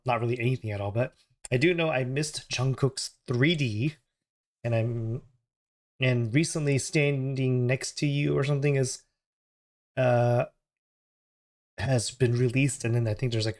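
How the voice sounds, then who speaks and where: Still hoarse from an illness, a man hosts his reaction channel in a relaxed, casual chat, his tone somewhat dark. He rambles, corrects himself mid-sentence, and apologizes as he goes. His pitch is ordinary and middling, and he records at home while the house sleeps.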